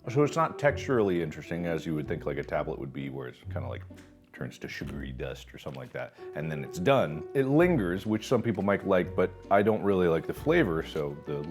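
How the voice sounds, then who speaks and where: A man's voice: low-pitched, big pitch swings, a little fast, over music. A man in his thirties hosting a casual snack review, joking and rambling, sometimes talking with his mouth full. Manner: jokey, rambling, talks while chewing.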